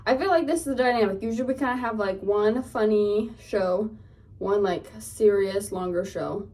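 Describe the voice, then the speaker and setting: A woman's voice: mid-range voice, normal speed, a little mellow, recorded from a distance. Young woman vlogger, casual rambling chat with fillers, a little off-mic. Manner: chatty, rambling, many fillers. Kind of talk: casual chat while doing makeup. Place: home room, indoors.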